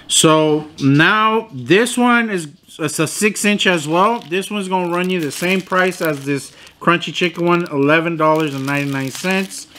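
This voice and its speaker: A young man reviewing sandwiches in a casual food vlog, swearing freely and complaining loudly in disbelief about small portions. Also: fairly high pitch, a little hiss or hum. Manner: profane, animated, incredulous complaining.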